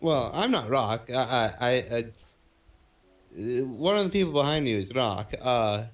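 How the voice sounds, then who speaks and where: A man's voice: medium pitch, expressive, measured pace. A man playing a tabletop game, speaking hesitantly and dryly, with stammers and fillers. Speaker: player. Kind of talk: tabletop role-play.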